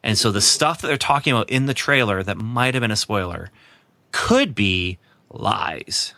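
A man hosts a relaxed podcast conversation with a bright, ringing voice. He is chatty and enthusiastic, laughing easily between thoughts. The recording is close and dry. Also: lowish voice, moderate pace, no room sound. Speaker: podcast host. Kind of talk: casual podcast chat.

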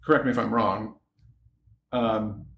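A man talking candidly as a podcast guest, telling his story in an animated way and loudly acting out his exasperation. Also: on the low side, measured pace, creaky, roomy sound. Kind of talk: candid casual chat.

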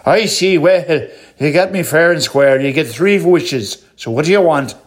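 A man voicing a cheery, pushy little male leprechaun in a told joke. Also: a little slow. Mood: eager. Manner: eager, prodding, squeaks up in surprise.

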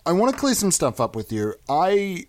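A young man with a high, animated voice, hosting a comedy podcast of improvised prank calls. He lurches between loud outbursts and low mumbles, and his voice sounds close and dry. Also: normal speed, dry recording.

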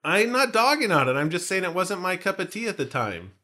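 Sing-song and sharp, this man's high voice moves at a brisk clip as he co-hosts a podcast. The talk is casual and jokey, wandering between points and sprinkled with pop-culture references.

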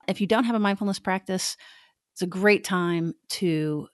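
A woman therapist co-hosting a podcast, giving frank, animated advice in a casual conversational way. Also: medium pitch, moderate pace, smooth, dry recording, clean studio sound. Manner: frank, animated, self-deprecating.

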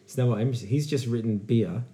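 A man co-hosting a casual beer-review podcast, telling stories in a rambling, animated way. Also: mid-range voice, measured pace. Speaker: podcast co-host.

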